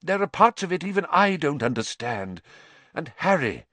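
A man's voice: a little high, big pitch swings, normal speed, sharp tone, no echo, pitched above the performer's own voice, full character voice. A man voicing an earnest, urgent male teacher who insists on being heard. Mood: pleading.

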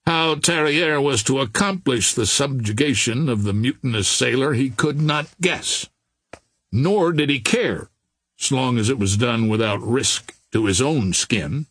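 A man reading an adventure novel aloud in a measured, unhurried storytelling manner. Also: medium pitch, lively intonation, fairly bright tone, slightly rough, no echo. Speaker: audiobook narrator.

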